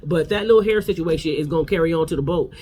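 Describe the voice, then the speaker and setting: A man's voice: fairly high pitch, quick pace, a little mellow, a little hiss or hum. A man giving a casual, sassy gossip recap of a reality show, talking straight to his viewers.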